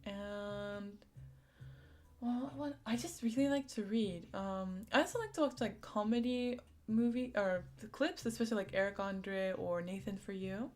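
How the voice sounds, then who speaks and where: A woman's voice: medium pitch, measured pace, darkish tone. A young woman hosting a casual live stream, chatting and giggling as she answers viewers' comments with lots of "like" and "um". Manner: giggly, chatty, frequent likes and ums.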